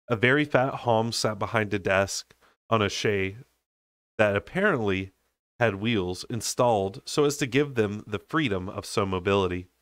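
A man's voice: on the low side, no room sound, clean studio sound. A man reading a fantasy novel aloud as a storyteller, unedited. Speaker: book reader.

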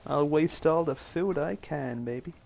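A man's voice: fairly high pitch, a little slow, creaky, darkish tone, a little hiss or hum. A man streaming a video game, making sarcastic jokes and mumbling to himself as he plays. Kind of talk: live gameplay commentary.

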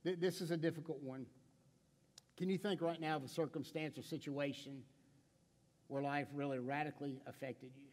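A man's voice: fairly high pitch, fairly even intonation, moderate pace, long pauses, darkish tone, long reverb tail. A middle-aged man pastor preaching a sermon in a conversational way, with stammered restarts, rhetorical questions and playful stories. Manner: playful storytelling with acted quotes. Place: church sanctuary.

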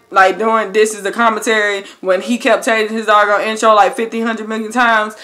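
A young woman chatting casually to her viewers in a vlog, addressing them as "y'all" and bursting into loud, excited exclamations. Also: medium pitch. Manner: animated, swings into loud excited shouts and laughs; talks straight to viewers with lots of "y'all". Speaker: YouTuber.

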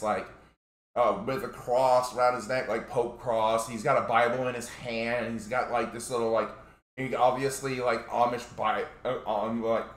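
A man's voice: medium pitch, a bit bright. A man telling a story in a casual, rambling way, full of fillers and restarts. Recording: echoey room.

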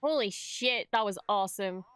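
A young woman streamer reacting to a TV episode at home, talking casually and breaking into quick, excitable exclamations. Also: medium pitch, clear, resonant tone, no room sound. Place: home room, wrapped in a blanket.

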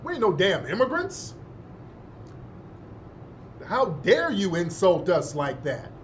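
A man's voice: sits high, wildly swooping pitch, slow pace, a little hiss or hum. A man hosting a show, giving heated, indignant commentary, cursing and repeating phrases for emphasis. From United States, born in the North, raised in the South. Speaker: host.

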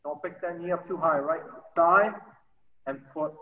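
A man coaching youth soccer over a video call, energetic and encouraging, calling out short repeated cues. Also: a little high, a little fast. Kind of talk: virtual training session coaching. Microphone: computer mic on a video call. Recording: roomy, distant, dull sound.

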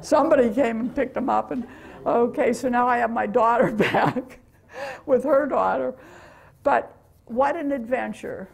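A woman's voice: fairly high pitch, unhurried, creaky, slightly rough. An older American woman telling stories of her mission trip to a church meeting, chatty and laughing often. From USA. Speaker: guest speaker.

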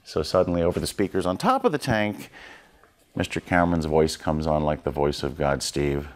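A man, a creature effects artist, recalling a film shoot in a documentary interview, animated and laughing at himself as he acts out what people said. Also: a bass voice, fairly quick.

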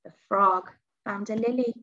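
A woman reading a children's storybook aloud for a school, dramatic and expressive, with whispers and gasps. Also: mid-range voice, a little slow, highs cut off.

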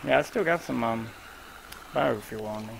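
A man streaming his own gameplay, talking casually to a teammate in a loose, chatty way and giving quick instructions. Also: medium pitch, vocal fry, noisy background.

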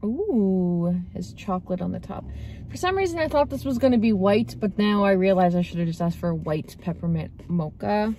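A woman's voice: medium pitch, expressive, moderate pace, warm tone, a little hiss or hum. A young woman from Canada chatting casually to her vlog camera from her car, laughing often and trailing off. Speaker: vlogger.

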